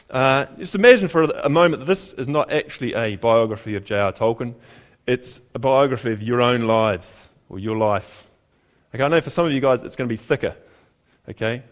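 A man with a mid-range voice preaches a sermon in a conversational tone. He asks the congregation rhetorical questions and repeats key phrases for emphasis.

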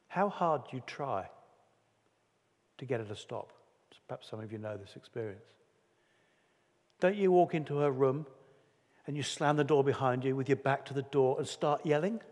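A man's voice: mid-range voice, a little mellow. A male pastor preaches with an earnest, conversational delivery, slipping into voices to act out quotes. His mid-range voice carries with a long, echoing hall reverb. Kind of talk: sermon.

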